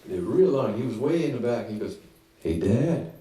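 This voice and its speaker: Animated man telling a story live. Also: mid-range voice, a little fast. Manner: animated, folksy, acts out voices. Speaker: songwriter telling a story on stage. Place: small live music listening room. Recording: roomy venue, distant mic, audience laughter.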